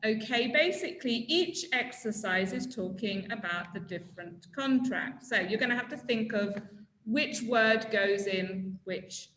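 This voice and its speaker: Bright, slow-spoken woman teaching English. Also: a little high, echoey room, low-quality recording. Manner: prompting students to fill in words, brisk and encouraging. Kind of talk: classroom vocabulary lesson.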